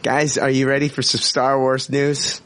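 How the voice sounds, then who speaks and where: A man's voice: medium pitch, little pitch movement, moderate pace, a bit bright. A man co-hosting a casual podcast, swearing, laughing and rambling through the banter. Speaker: podcast co-host.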